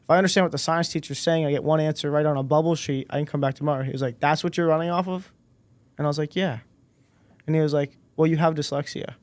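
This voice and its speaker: A man's voice: fairly high pitch, fast, dry recording. Young man telling his story, dry mic. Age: 20s. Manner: relaxed storyteller, acts out quoted dialogue. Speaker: podcast guest. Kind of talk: casual storytelling interview.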